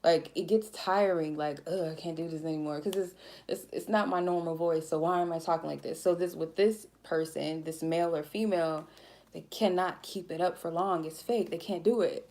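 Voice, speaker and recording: A woman tarot reader giving a blunt, profane, laid-back spiritual reading in a mellow, chill way. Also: lowish voice, fairly even intonation, normal speed. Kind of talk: casual spiritual reading monologue.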